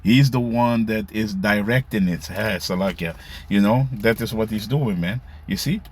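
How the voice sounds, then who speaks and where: Male commentator, lowish voice, casual scripture talk, frequent "you see, man" tags. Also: moderate pace, slightly rough. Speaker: religious commentator.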